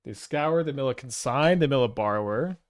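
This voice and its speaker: A man's voice: medium pitch, lively intonation, fairly quick. A man with a Canadian accent giving casual, rambling game commentary, thinking aloud with hesitant restarts. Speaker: gameplay commentator.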